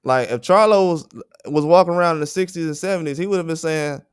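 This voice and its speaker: A man's voice: fairly high pitch, fast, clean tone, dry recording, studio quality. A man hosting a livestream and ranting bluntly and with indignation, swearing freely. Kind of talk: heated livestream rant.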